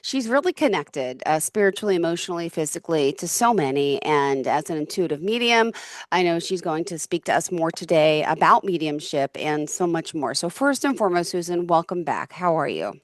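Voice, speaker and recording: A woman's voice: on the low side, animated, fairly quick, no echo. A woman hosting a talk-show interview, introducing her guest and reacting with short encouraging words. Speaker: podcast host.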